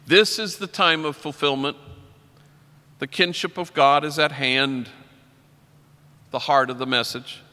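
A man's voice: fairly high pitch, fairly even intonation, unhurried, long pauses, sharp tone. A man, a priest, giving an inspirational conference talk full of stories and quotations. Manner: story-driven, quotes poets and people he works with. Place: large conference hall. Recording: long hall reverb.

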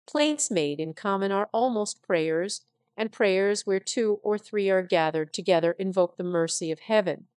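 A synthetic text-to-speech woman reading a classic novel aloud as narrator, with even delivery. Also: mid-range voice, no echo, studio quality.

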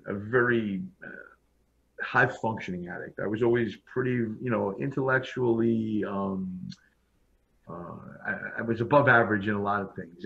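A man with a lowish voice tells his own story in a casual interview, speaking bluntly and frankly and often circling back to restart a thought. The recording sounds dull and lo-fi, as if the top end has been shaved off. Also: a bit bright, breathy edge. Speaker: podcast guest.

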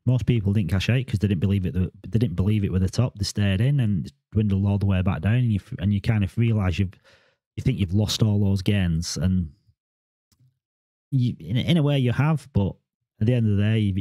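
Talking to camera, this man in his forties gives a loose, rambling crypto vlog, frequently restarting sentences and repeating himself. He speaks a little fast in a lowish, warm voice with no room sound.

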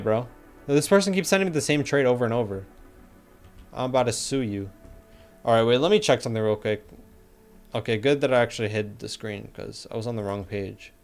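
A young man chats loosely on a livestream and reads viewer messages aloud. He jokes and talks in slang, at a medium pitch. Soft music plays faintly behind him. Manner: laid-back, joking, slangy, reads chat aloud. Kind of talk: casual livestream chat.

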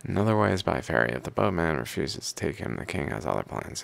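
Male podcast host with a very low, heavily gravelly voice who thinks out loud in loose, unfinished phrases. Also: big pitch swings, fast, hardly any pauses. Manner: musing aloud with trailing half-sentences. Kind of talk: casual podcast narration.

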